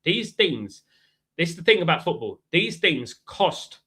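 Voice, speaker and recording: Combative middle-aged English football host, bright voice. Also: male voice, fairly high pitch, very animated, measured pace. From England. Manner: combative, talks straight to chat, repeats 'mate' and 'right'. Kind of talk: live stream chat with viewers.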